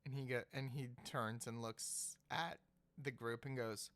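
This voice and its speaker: A man narrating as game master of a tabletop game, slow and halting, often restarting his words. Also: medium pitch, fairly even intonation, fairly bright tone.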